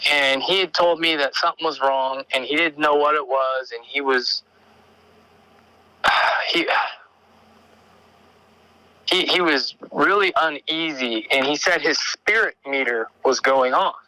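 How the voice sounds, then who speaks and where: Guy rambling through a story, keeps restarting, super bright voice, dry close sound. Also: a little high, smooth, no room sound, poor audio. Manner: rambling, halting, with frequent restarts and fillers; grows excited and urgent as the story builds. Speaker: caller telling an encounter story. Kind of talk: casual spoken storytelling.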